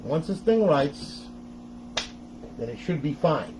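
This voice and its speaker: A man's voice: a little high, sing-song, slow, background noise. A middle-aged man hosting a casual step-by-step tech tutorial, chatty and often laughing as he talks to viewers.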